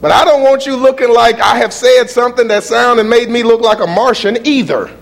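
A man preaching a sermon in an animated, mocking way, swinging from muttered asides to shouts. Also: extremely high pitch, fairly quick, gravelly, slight background noise.

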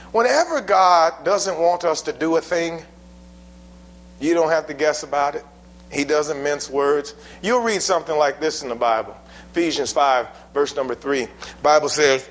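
A preacher with a notably high voice delivers a sermon to his congregation. He is emphatic and folksy, drives points home with rhetorical questions, and loosens things up with casual asides. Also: pushed and bright. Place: church building before a congregation.

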